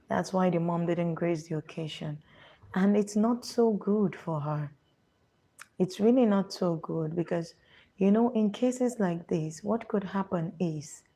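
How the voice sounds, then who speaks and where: A woman with a Nigerian accent answering viewer questions in a casual advice chat, often dropping to a hushed, confiding half-whisper. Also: on the low side.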